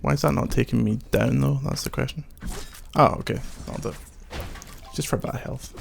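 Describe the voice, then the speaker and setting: A young man talks through his gameplay in a relaxed, wry way, tossing out jokes between explanations. His voice sits at an ordinary middle pitch, easygoing and unhurried. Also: vocal fry, slight background noise. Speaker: games video host, playing. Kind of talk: casual let's-play chat.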